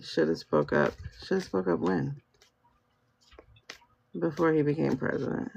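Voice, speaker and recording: A woman's voice: low voice, unhurried, gravelly, darkish tone, a little hiss or hum. A woman hosting a live tarot reading, talking casually and thinking aloud in slangy speech. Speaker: tarot reader and livestream host. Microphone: phone. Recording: dull lo-fi livestream audio.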